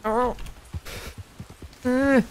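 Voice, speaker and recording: A woman's voice: high voice, fairly even intonation, very slow, slight background noise. A woman streamer giving live commentary on her gameplay, laughing often and calling out to other players and her chat.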